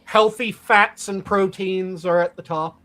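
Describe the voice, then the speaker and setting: A man with a high voice explains things at length in relaxed banter. His tone stays wry and talkative. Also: measured pace. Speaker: podcast co-host. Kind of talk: casual banter.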